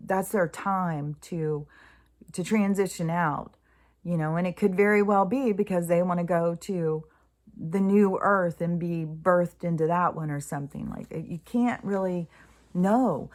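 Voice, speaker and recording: A woman with a lowish voice talks to herself as much as to her listeners. She rambles and restarts as she thinks aloud, and her voice sometimes falls to a soft, near-whispered hush. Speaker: spiritual vlogger. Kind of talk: casual spiritual musing.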